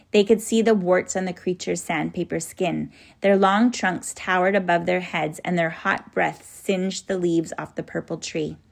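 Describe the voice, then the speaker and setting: A woman reading a children's story aloud in a lively way. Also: fairly low pitch, gravelly. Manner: lively, acts out the characters.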